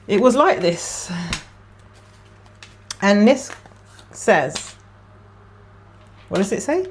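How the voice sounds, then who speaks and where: A woman's voice: fairly high pitch, expressive, takes it slowly, long pauses, slight background noise. A woman giving a casual tarot card reading to camera. She talks in an emotional, chatty way and thinks aloud as she pulls cards. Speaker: tarot reader.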